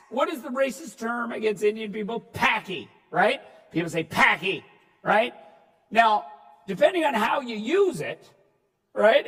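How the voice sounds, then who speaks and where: A man giving a comedic keynote talk, telling stories in an animated way and shouting punchlines. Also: extremely high pitch, slightly rough, distant mic. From Newfoundland, Canada. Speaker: keynote speaker. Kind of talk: comedic storytelling speech. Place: large hall before an audience. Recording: reverberant hall, speaker off-mic.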